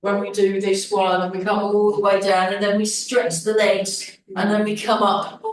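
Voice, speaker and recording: A woman's voice: mid-range voice, normal speed. A woman leading a beginners' tai chi class, calling breathing cues and chatting between movements. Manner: calm breathing cues mixed with chatty asides. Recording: very echoey hall, mic far off.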